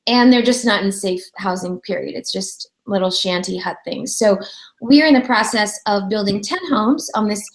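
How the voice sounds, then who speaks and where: A woman's voice: medium pitch, normal speed, rough recording. A woman hosting an interview show, chatting freely and acting out the voices of people in her stories. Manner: chatty storyteller, acts out quoted voices. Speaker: radio show host. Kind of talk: casual interview chat.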